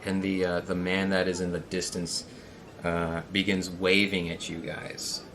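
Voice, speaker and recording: Raspy, low-voiced man narrating a game. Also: completely flat delivery, a little slow, a bit bright, slight background noise. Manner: meandering, with many fillers and restarts. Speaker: game master.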